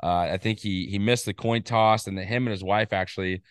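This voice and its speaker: A man's voice: fairly low pitch, clean tone, no room sound, studio quality. Rambling man in casual sports chat. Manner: rambling, excitable, quick asides. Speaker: podcast co-host.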